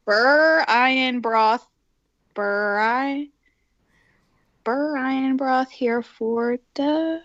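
A woman chatting casually during a party word game, giggling and slowly repeating phrases as she works them out. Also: sits high, fairly bright tone, dry recording, muffled recording. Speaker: game player. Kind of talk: casual chat.

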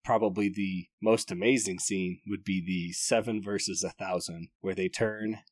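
Man reviewing a book, eager and rambling, fairly deep voice, dry recording. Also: fairly even intonation, normal speed, no room sound. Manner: enthusiastic, rambling, often restarting phrases. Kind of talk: casual book review monologue.

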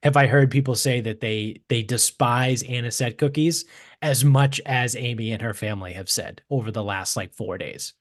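Animated swearing man from Boston. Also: mid-range voice, moderate pace, no echo, clean studio sound. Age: 30s. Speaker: podcast co-host. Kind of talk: casual chat.

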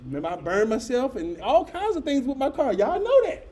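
Middle-aged preacher, high mellow voice, animated folksy storytelling, talks straight to the congregation. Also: male voice, fairly quick. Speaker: pastor. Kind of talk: storytelling sermon.

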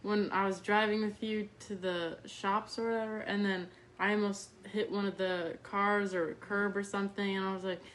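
A woman's voice: medium pitch, little pitch movement, moderate pace, hardly any pauses. Chatty young woman, faint background noise. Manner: chatty, interjecting with quips. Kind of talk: casual chat.

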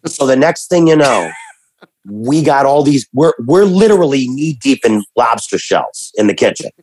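A man recounts family anecdotes in a loose, animated way, full of fillers and false starts. His voice is husky, and the sound is dry and close with no room around it. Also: mid-range voice, moderate pace, dry recording, poor audio. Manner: rambling, animated storytelling with many restarts and fillers. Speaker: guest telling family stories. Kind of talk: casual conversation.

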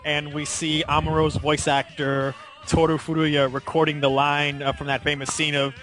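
A man hosting a podcast in casual discussion, animated and laughing often as he retells a story. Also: a little high, normal speed, faint music behind. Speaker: podcast host.

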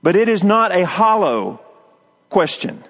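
Slow, high-voiced preacher delivering a sermon. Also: male voice, sing-song, fairly bright tone, big-room sound. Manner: slow, emphatic preaching with call-and-response. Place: outdoors on a mountaintop.

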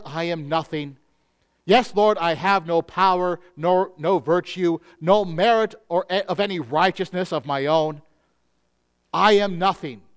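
A male pastor preaching a sermon in an earnest manner, slowing down on key phrases. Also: high voice, clear, resonant tone.

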